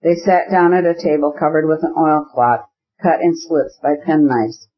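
Guy reading an old novel aloud, steady and even, slightly high voice, muffled lo-fi audio. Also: moderate pace. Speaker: audiobook narrator. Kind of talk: audiobook narration of a classic novel. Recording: dull lo-fi recording.

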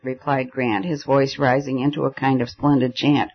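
A man's voice: mid-range voice, level tone, moderate pace, hardly any pauses, slightly rough, highs cut off. A man reading a story aloud as an audiobook narrator, giving the characters light voices in the dialogue. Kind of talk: scripted narration.

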